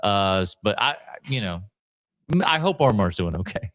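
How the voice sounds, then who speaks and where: A man hosting a podcast, chatting casually and reacting to clips with frequent pauses and fillers. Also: fairly low pitch, very animated, a bit bright. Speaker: podcast host. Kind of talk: casual commentary.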